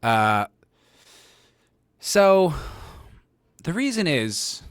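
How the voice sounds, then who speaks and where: In a very slow but very animated delivery, this man hosts his own podcast, rambling sarcastically, swearing, and laughing at his own jokes in casual solo commentary. His fairly high voice has a clean tone, captured on a close desk mic at home with no echo.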